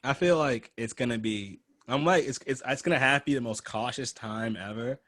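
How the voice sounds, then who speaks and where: A man's voice: mid-range voice, a little fast, a bit bright, dry recording. A young man hosting a podcast in loose, profane casual chat, laughing often. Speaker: podcast host.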